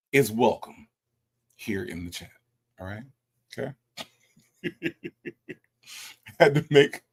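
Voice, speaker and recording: A man hosting a livestream, reading out viewers' comments and firing back with sassy, repeated emphasis. His voice is gravelly and mid-pitched. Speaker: host.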